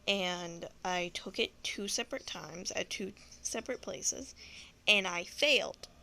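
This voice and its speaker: A woman's voice: mid-range voice, unhurried, gravelly, sharp tone, a little hiss or hum. A young woman with a Texan accent telling a long story in a rambling, profane, frank way. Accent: Southern US (Texan). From Texas. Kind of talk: casual storytelling monologue.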